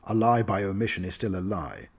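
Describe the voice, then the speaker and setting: A man voicing a forceful, indignant Grand Duke. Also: deep voice, fairly quick, slightly rough. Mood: angry. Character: proud angry older male Grand Duke.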